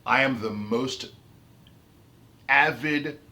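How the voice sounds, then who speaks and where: A man's voice: medium pitch, drawn-out words, pushed and bright. A man ranting about his autism in an unscripted vlog, heated and emphatic, repeating and restarting his phrases. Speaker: autistic vlogger. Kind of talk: unscripted rant to camera.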